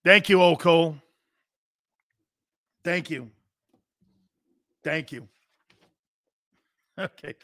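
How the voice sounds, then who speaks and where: A man's voice: on the high side, very slow, long pauses, dry recording, studio quality. A man hosting a sports talk show, ranting casually and brashly to his viewers. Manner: brash, animated, talks straight to viewers.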